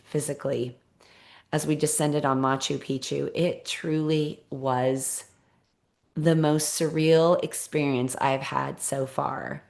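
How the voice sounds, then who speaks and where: A woman's voice: low-pitched, darkish tone. A middle-aged woman podcast host telling a personal story in an earnest, encouraging way, stressing points by repeating them. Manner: earnest, encouraging, emphatic with repetition.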